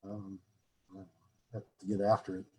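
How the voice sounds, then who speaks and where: A man's voice: on the low side, monotone, unhurried, background noise. A man being interviewed, telling long, rambling anecdotes with frequent restarts and laughs. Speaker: interview guest, former ranch fairgrounds manager. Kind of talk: casual storytelling interview.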